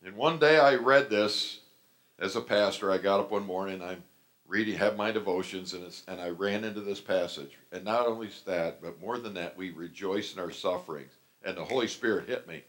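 A man's voice: low voice, moderate pace, a bit bright. A middle-aged man preaching a sermon as pastor, telling stories animatedly and acting out the voices he quotes.

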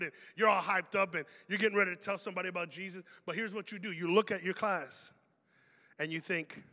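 A man preaching a youth sermon in a large hall, animated and acting out quoted people with humor. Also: sits high, fairly quick. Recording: long reverb of a big hall.

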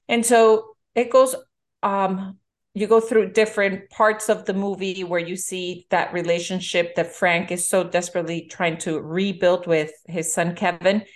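A middle-aged woman co-hosting a casual movie-review chat, an animated storyteller who acts out the quotes. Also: fairly low pitch. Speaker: podcast co-host.

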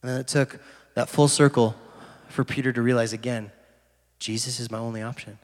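With medium pitch, fairly even intonation and a brisk pace, a young adult man delivers a casual, conversational youth sermon as a pastor, using fillers. The recording has loud piano music underneath, with soft piano noted in the background.

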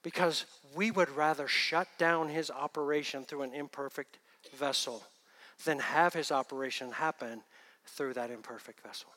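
A male pastor preaching with a high, bright, forceful voice. He drops to hushed asides and then rises to loud, emphatic bursts. The long reverb of a large church hall carries behind him. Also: moderate pace. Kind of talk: sermon.

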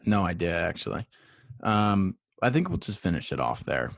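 A man's voice: sits low, sing-song, normal speed, vocal fry, no echo. A young man out of breath after climbing stairs, rambling through the end of his solo sports podcast with lots of fillers. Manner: rambling, filler-heavy, self-deprecating.

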